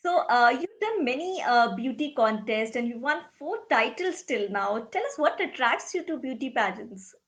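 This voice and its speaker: A woman interviewer asks her guest plain, direct questions. Her voice sits high for a woman. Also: animated, moderate pace, hardly any pauses.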